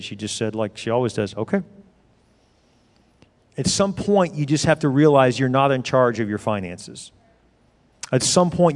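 A man's voice: mid-range voice, a little mellow. A middle-aged male pastor preaching a sermon in an emphatic, conversational storytelling manner. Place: church sanctuary. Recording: long reverb of a large hall.

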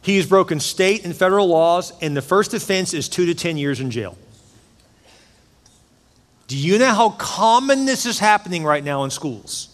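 A middle-aged male pastor preaching in a slightly high voice, emphatic and chatty, slipping jokes in between his points. His voice rings through a large church hall with a long, trailing reverb. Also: expressive, normal speed. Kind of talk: sermon. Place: church sanctuary.

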